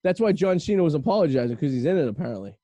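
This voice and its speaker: Lively high-voiced man telling stories. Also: very fast, lo-fi sound. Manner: animated storyteller acting out quotes. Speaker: podcast host. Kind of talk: casual chat.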